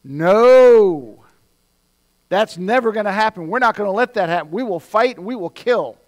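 A man acting out an impulsive disciple who loudly protests and vows to fight. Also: sits high, animated, moderate pace, voice pushed up. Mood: defiant. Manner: loud and defiant.

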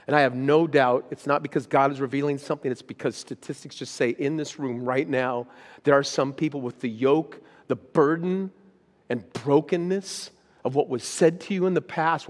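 A man's voice: mid-range voice, big-room sound. A man, a pastor, preaching a sermon, reading scripture with rising intensity and then speaking plainly to the congregation. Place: church auditorium.

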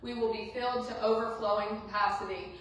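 A woman pastor preaching a sermon with passion, repeating phrases and moving between loud and hushed delivery. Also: medium pitch, fairly even intonation, a little fast. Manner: impassioned preaching with repetition, swinging from loud to hushed. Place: church sanctuary. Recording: far-off voice in a very echoey church room.

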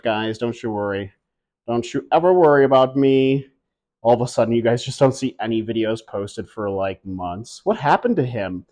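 A man's voice: medium pitch, darkish tone. A man from upstate New York, a plant hobbyist chatting casually and playfully to his viewers, often joking at his own expense. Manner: playful, self-mocking, rambling. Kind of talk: casual vlog chat. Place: indoors, home with high ceilings.

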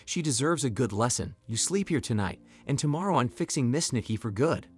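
Brief: male narrator doing a blunt, lively middle-aged woman, animated story voice. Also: mid-range voice, fairly quick, slightly rough, faint music behind. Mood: angry. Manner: forceful, blunt.

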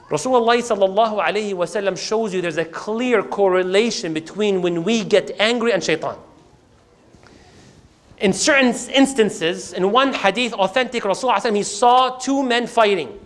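Male lecturer, rapid delivery, dramatizes the story and quizzes the audience as he preaches. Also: high-pitched. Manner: animated, acts out quoted speech, recites scripture passages; asks the audience questions and answers them. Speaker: religious lecturer.

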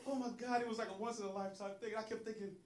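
On a comedy club stage, a man performs stand-up, acting out quotes and laughing often as he tells his story. He talks very fast in a high voice with fairly even intonation. The room is echoey, with an audience laughing in the background.

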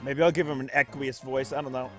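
A man's voice: medium pitch, steady tone, quick pace, soft background music. A man giving casual gameplay commentary with goofy, self-mocking asides. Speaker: let's play gamer.

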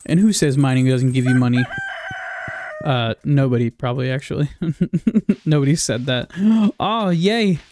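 A man's voice: medium pitch, a little slow, a little mellow, slight background noise. A man giving casual, rambling commentary while playing a farming game. He swears often and drifts into jokey tangents. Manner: joking, swears freely, rambling asides. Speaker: gaming video creator.

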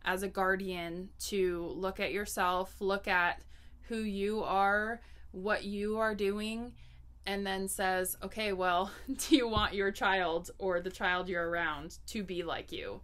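A thoughtful woman talking slowly and deliberately in a relaxed podcast chat. Her voice is bright and clear, and she laughs easily. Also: medium pitch. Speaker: podcast co-host, nanny. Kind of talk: casual chat.

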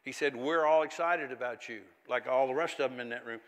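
An older pastor preaches with a bright, forceful voice, swinging between quiet storytelling and fiery, zealous outbursts. His words ring out into a long church-hall reverb. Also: medium pitch, fairly quick, few pauses. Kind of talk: sermon.

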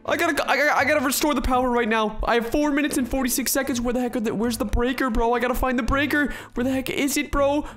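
A young man narrating his game role-play as a gaming YouTuber, excitable and panicky, often shouting and saying "bro" and "dude". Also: very high-pitched, fast, hardly any pauses, faint music behind.

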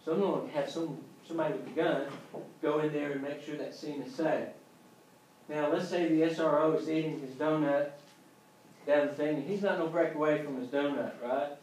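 A man's voice: on the high side, steady tone, a little fast, a little mellow, reverberant, slight background noise, low-quality recording. A man teaching an EMT class in a casual lecture style, joking and acting out scenes as he goes. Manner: joking, acts out scenes with voices. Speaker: EMT instructor.

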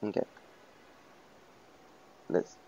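A man rambling through casual game commentary, swearing and joking at himself, his voice hoarse. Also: drawn-out words, mellow, lo-fi sound, a little hiss or hum. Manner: rambling, profane, self-mocking. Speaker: let's play host.

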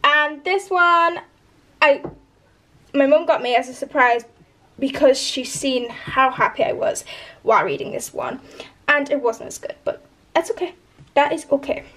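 A woman's voice: high voice, a little slow, long pauses, a bit bright. A woman chatting in a bubbly, rambling way as a book vlogger. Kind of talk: chatty vlog.

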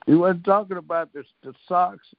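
A man with a slightly high voice tells a story hesitantly, full of fillers. He comes through a tinny, phone-like line that sounds dry. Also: moderate pace, vocal fry, no room sound. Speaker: interviewee. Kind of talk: casual interview talk.

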